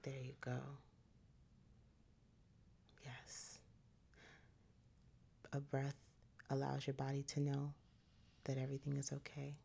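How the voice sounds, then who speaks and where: A woman leading a slow guided breathing meditation in a calm, soothing voice. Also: extremely low pitch, vocal fry, a little hiss or hum.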